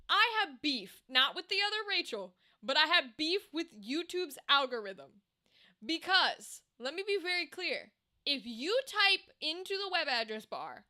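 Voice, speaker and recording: A young woman streamer ranting casually to her chat, animated, exasperated and swearing freely. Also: extremely high pitch.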